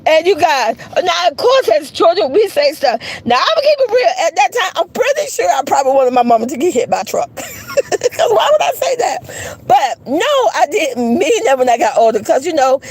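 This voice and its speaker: A woman in her fifties tells stories to her livestream viewers, chatty and laughing often. Her voice sits high and swings widely in pitch. She keeps calling out to the viewers as she talks. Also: moderate pace, low-quality recording. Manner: animated, chatty, laughs often, addresses viewers as "you guys". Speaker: YouTuber on a livestream. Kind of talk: casual livestream storytelling to viewers.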